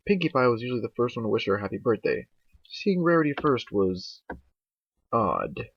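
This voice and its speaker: A young man reading fan fiction aloud in an amateur way, lively, with slips and asides. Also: medium pitch, a little fast, husky. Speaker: fanfic reader. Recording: dull lo-fi home mic.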